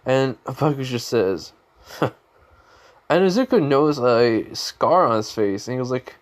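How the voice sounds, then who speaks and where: A man's voice: mid-range voice, animated, slow. A young man retelling a fan story in a rambling, off-the-cuff way, full of fillers and restarts. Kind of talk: casual improvised storytelling. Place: home room.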